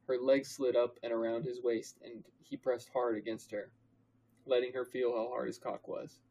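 A young man co-hosting a comedy podcast, reading fan fiction aloud in a deadpan, mock-dramatic way. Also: medium pitch, normal speed, vocal fry, a little hiss or hum, rough recording. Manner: mock-dramatic, deadpan narration with put-on character voices.

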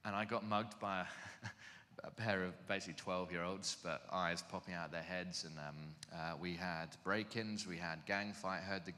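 Bright-voiced man telling a sermon story. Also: low voice, moderate pace. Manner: animated, self-mocking storyteller. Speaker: preacher. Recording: reverberant hall.

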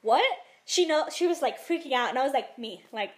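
Excitable young woman gushing in chat. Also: high-pitched, fast talker. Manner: gushing, excitable, lots of fillers. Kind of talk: casual chat.

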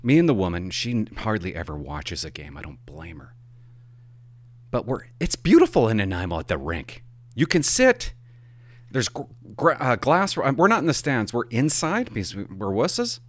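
A middle-aged man tells a casual, rambling story, his pitch leaping up and dropping low as he gets carried along. He swears for emphasis and backtracks as he talks. The sound is dry and close, with no room echo. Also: huge pitch swings, moderate pace. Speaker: hockey parent.

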